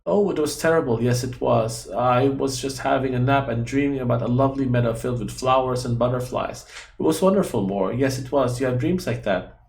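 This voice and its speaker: The character is a small, worried female guardian in a game, childlike and eager to please, performed by a man who gives her broken grammar and third-person self-reference. His medium-pitched voice sounds natural and a little mellow with a gravelly edge, moving a bit fast in an echoey room.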